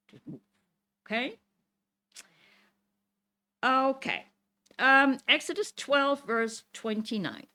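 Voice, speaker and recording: A woman's voice: on the high side, pushed and bright. A woman teaching a Torah lesson to a congregation. She reads verses aloud, explains Hebrew words and keeps checking in with "Okay?". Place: synagogue classroom.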